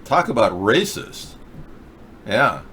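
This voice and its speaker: A man's voice: lowish voice, very animated, takes it slowly, sharp tone, a little hiss or hum. Rambling sarcastic male show host. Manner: rambling, sarcastic, mocking chatters. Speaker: political talk show host. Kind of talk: casual livestream chat. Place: in the US Pacific Northwest.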